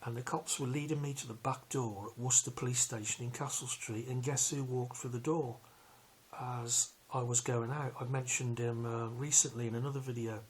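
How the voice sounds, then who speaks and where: A man, telling a long personal story in a rambling, halting way with many fillers. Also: mid-range voice, fairly even intonation, breathy edge. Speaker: vlogger recounting a police arrest. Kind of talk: casual storytelling.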